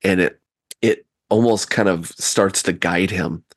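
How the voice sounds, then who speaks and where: Man, game master, very deep voice, dry close sound, halting casual narration. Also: dry recording. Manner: loose, halting narration with fillers.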